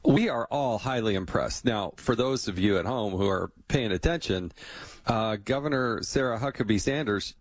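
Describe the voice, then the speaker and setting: A man's voice: fairly low pitch, slightly rough, no echo. A man hosting a podcast, chatting casually with his guest and telling anecdotes, laughing easily. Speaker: podcast host. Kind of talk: casual interview chat.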